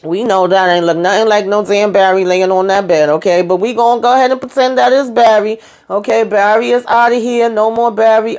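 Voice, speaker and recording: A woman's voice: on the high side, brisk. Woman vlogger doing a laid-back episode recap, chatty, lots of y'all and okay. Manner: chatty and animated, acting out quotes. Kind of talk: casual recap chat.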